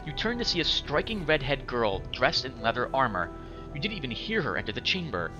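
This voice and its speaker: A man's voice: medium pitch, very animated, a little fast, muffled recording, over music. A man hosting a game playthrough, reading the text aloud and apologetic and stumbling over words. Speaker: let's play host.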